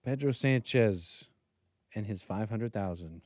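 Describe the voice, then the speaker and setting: A man's voice: fairly low pitch, animated, measured pace, darkish tone, dry recording. Rambling male livestream host, dry close mic. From United States. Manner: rambling, self-interrupting, laughs at own tangents. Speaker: livestream political talk host. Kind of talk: casual political livestream commentary.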